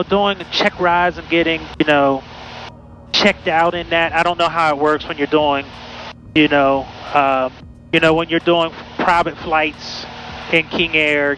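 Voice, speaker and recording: A man's voice: on the high side, fairly bright tone, slight background noise, rough recording. A man from Pittsburgh, a student pilot talking viewers through his flight from the cockpit in a chatty, upbeat way. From Pittsburgh, USA. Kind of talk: casual cockpit narration. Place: small plane cockpit in flight.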